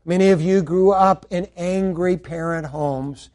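A middle-aged man preaching a sermon, swinging between loud emphatic lines and hushed asides. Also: sits high, fairly even intonation, a little slow.

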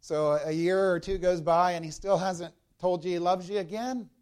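A man's voice: sits high, fairly even intonation, normal speed, darkish tone, clean tone. A man preaching a sermon as a pastor, explaining a Bible passage verse by verse and speaking directly to the congregation.

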